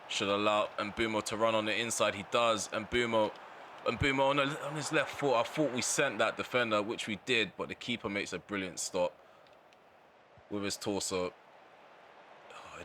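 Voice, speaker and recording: A man's voice: on the low side, pushed and bright, a little hiss or hum. A man giving live commentary over his own football video game match, often exasperated and ranting about how it is going. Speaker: gaming channel host.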